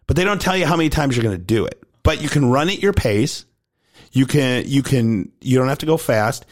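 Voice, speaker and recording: A man's voice: medium pitch, fairly quick. Storytelling male coach on a podcast. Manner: storytelling, quotes others in animated voice. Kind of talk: casual chat.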